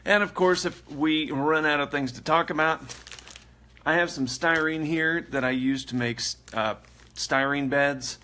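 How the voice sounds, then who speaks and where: A man's voice: fairly high pitch, fairly even intonation, unhurried, sharp tone, a little hiss or hum. A man hosting a casual livestream, chatting in a rambling way and laughing often. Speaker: livestream host.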